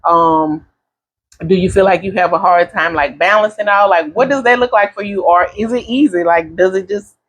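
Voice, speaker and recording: A woman's voice: mid-range voice, normal speed, fairly bright tone, slight background noise. A woman hosting a podcast, in a chatty, encouraging way, with many fillers. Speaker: podcast host. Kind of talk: casual chat.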